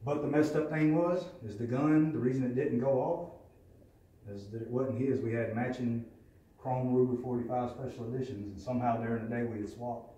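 A man's voice: medium pitch, steady tone, normal speed, warm tone, lo-fi sound. Candid man in an echoey hall. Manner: candid, profane, plainspoken storytelling. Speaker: recovery meeting speaker. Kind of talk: personal testimony. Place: meeting room. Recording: echoey room from a distance.

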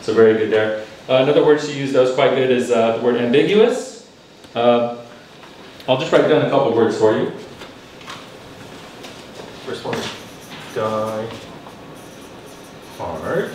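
A patient, teacherly man with a mid-range voice gives live spoken feedback to speaking club members as their language evaluator, explaining phrases and leading the room in repeating words. He talks briskly in a large, very echoey meeting room, picked up by a distant room mic over a noisy background.

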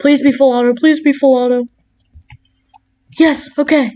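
A woman's voice: high-pitched, fairly even intonation, moderate pace, mellow. A woman commentating her gameplay, blurting out short cries and angry rants. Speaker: gamer.

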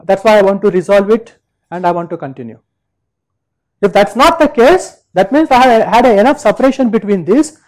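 A male university lecturer explaining step by step, checking in with listeners and pausing on fillers. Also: high-pitched, animated, darkish tone, low-quality recording. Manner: explains step by step, frequent "right?" and "uh".

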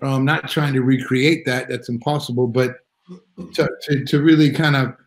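A man's voice: mid-range voice, steady tone, moderate pace, poor audio. A middle-aged man telling a story in a casual live video chat, rambling with restarts and acting out quotes. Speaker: drummer guest. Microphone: video call.

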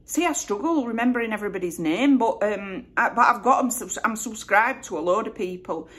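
A woman's voice: mid-range voice, lively intonation, brisk, a bit bright. A middle-aged woman from Bradford with a West Yorkshire accent, chatting casually and rambling through a Q&A vlog. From Bradford, England. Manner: chatty, rambling, self-correcting. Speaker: vlogger. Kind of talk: casual Q&A chat.

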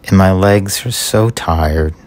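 A man's voice: deep voice, takes it slowly, a little mellow, no echo. A man voicing an injured, weary male robin in a storybook reading. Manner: tired, plaintive.

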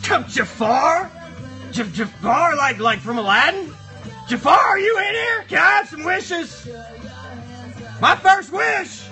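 Squeaky yelling box monster, crude and rowdy, super bright and sharp. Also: male voice, expressive, takes it slowly, pauses often, faint music behind, exaggerated voice. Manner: shouty, crude, rambling banter with chat. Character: rowdy foul-mouthed cardboard box monster. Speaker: live streamer. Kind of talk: live stream puppet character chat.

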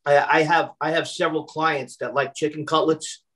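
A personal chef from Brooklyn, New York, chats casually on a video call in poor audio. His voice is on the high side, steady and a bit bright, at a moderate pace. He is chatty, full of fillers and restarts, repeating words as he starts sentences.

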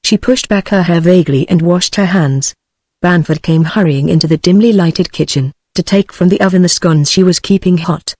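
A computer-generated woman's voice with a British English accent, reading a novel aloud at an even, synthetic pace. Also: fairly low pitch, normal speed, no room sound. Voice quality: synthetic, evenly paced. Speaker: audiobook narrator. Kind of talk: text-to-speech audiobook reading.

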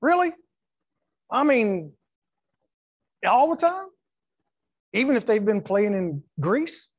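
A man's voice: sits high, very animated, slow, no echo. A middle-aged man preaching a church sermon, emphatic, repeating words and acting out quotes. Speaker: pastor. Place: church sanctuary.

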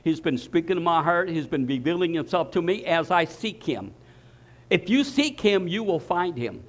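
An older male pastor delivers a sermon emphatically, repeating words and restarting phrases as he builds each point. His fairly high voice is very animated at a normal speed.

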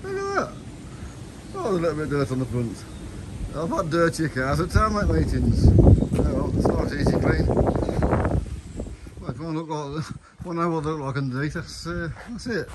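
A man's voice: on the high side, big pitch swings, normal speed, pauses often. A middle-aged man and racing driver chatting casually in a rambling vlog, full of restarts. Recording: noisy outdoor recording.

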